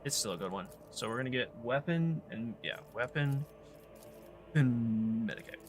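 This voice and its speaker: A man's voice: medium pitch, expressive, moderate pace, over music. A man streaming a video game, chatting and thinking aloud as he plays. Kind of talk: casual gameplay commentary.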